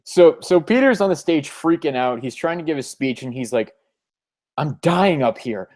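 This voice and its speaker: A man's voice: on the high side, animated, a little fast, a little mellow. A man hosting a casual comic review, recapping the plot and reading the dialogue aloud. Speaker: podcast host.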